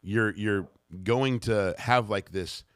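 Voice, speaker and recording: A man co-hosting a casual podcast chat, supportive and quick to agree. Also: fairly low pitch, fairly bright tone, clear, resonant tone, no room sound, studio quality. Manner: supportive, lots of agreeing backchannel. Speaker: podcast co-host.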